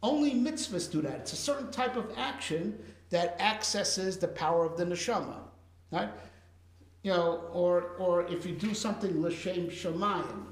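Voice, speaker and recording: A man's voice: high voice, expressive, normal speed, roomy sound. A man teaching a casual Torah class, talking conversationally with Hebrew and Yiddish terms and frequent "right?" checks.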